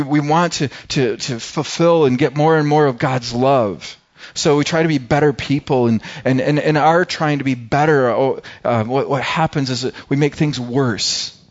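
A middle-aged man preaching a sermon in a conversational way, stumbling and repeating words as he goes. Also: mid-range voice. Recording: dull lo-fi recording.

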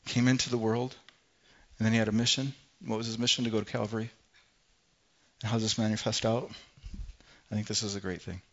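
A man preaching a sermon as pastor, swinging from loud, forceful scripture reading to soft, hushed lines. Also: on the low side, dull audio. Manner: impassioned, rising loud when reading scripture, then dropping soft.

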